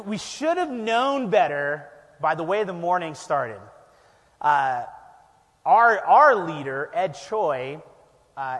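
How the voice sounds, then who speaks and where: A high-pitched male pastor spins an animated, self-deprecating story from the pulpit, laughing as he goes. His voice rings out with long church hall reverb. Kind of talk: storytelling sermon.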